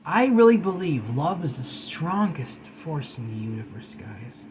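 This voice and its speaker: A man's voice: fairly high pitch, sing-song, a little slow, hardly any pauses, slight background noise, poor audio. A man giving an earnest, pleading talk to camera, calling his viewers guys and preaching kindness. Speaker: spiritual video host.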